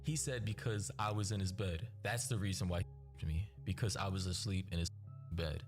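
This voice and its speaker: A man with a very low voice reads a scripted recap in a steady, even delivery. He reads text messages aloud one after another, and loud background music plays under his voice. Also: fairly quick. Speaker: narrator of a news recap video.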